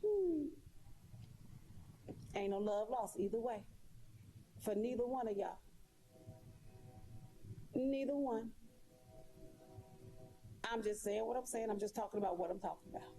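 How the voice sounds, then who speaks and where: A live streamer addresses her viewers directly in a casual, sassy, emphatic monologue, repeating her points. Her voice is fairly high with a dark tone, and there's a little hiss or hum.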